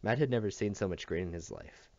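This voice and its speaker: A man reading a novel aloud as scripted narration, in an expressive storytelling manner. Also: low-pitched, fast talker, vocal fry, no echo. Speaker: audiobook reader. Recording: dull dry recording.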